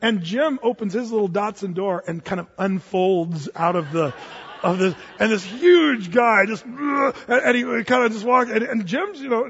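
A man preaching a sermon as pastor, telling stories in a lively way, with many restarts and fillers. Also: high-pitched, moderate pace, slightly rough, long reverb tail, lo-fi sound.

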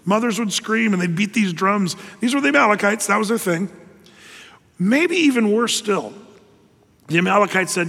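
Pastor, male, higher voice, earnest conversational sermon, echoing hall. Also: animated, creaky, a bit bright. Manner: earnest, conversational preaching with pauses and restarts.

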